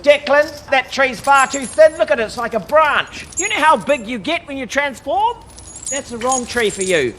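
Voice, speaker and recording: A man's voice: extremely high pitch, expressive, moderate pace, fairly bright tone, slight background noise. An actor playing a stressed male werewolf pack leader, bossing his pack around in a nagging, exasperated way. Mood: bossy. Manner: bossy, nagging, exasperated scolding. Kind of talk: mockumentary film acting.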